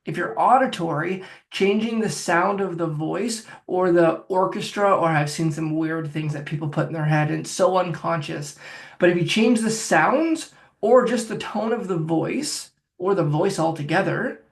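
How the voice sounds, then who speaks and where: A man's voice: sits high, normal speed, creaky. A man working as a phobia coach, talking the listener step by step through a guided self-help exercise. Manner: directive, coaching, talks viewer through steps.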